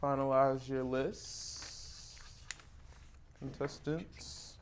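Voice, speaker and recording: A young man hosting a casual student quiz show, relaxed and quick to laugh. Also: medium pitch, slight background noise. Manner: relaxed, laughs often, hums a tune.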